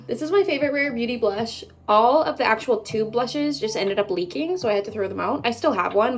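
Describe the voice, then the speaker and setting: A woman's voice: a little high, vocal fry. A woman in her twenties from Canada, chatting casually to viewers while doing her makeup, bubbly and full of rambling asides. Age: 20s. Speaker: beauty vlogger. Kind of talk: casual get-ready-with-me chat.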